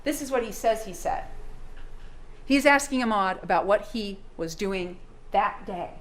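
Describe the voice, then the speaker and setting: A woman's voice: medium pitch, animated, a little slow. A woman prosecutor giving a courtroom closing argument, firing pointed rhetorical questions at the jury. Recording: roomy courtroom sound, faint hum.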